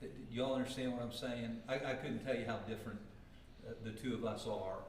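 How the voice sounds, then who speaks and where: A man's voice: medium pitch, steady tone, brisk, slight background noise. A man teaching a church Bible class in an earnest, self-deprecating way, often repeating words as he starts a thought. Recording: echoey hall, mic from far off.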